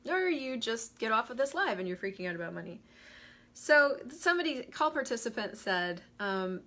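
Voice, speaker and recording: A woman talks casually on a live stream, animated and quick to greet viewers by name. Her voice sits a little high and rings very bright and forward. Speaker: host of a live money talk.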